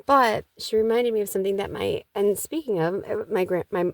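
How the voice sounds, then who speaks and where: A woman's voice: medium pitch, a little fast, vocal fry, dry recording. A middle-aged woman chatting casually in a rambling way about spiritual matters, with many restarts. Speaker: vlogger.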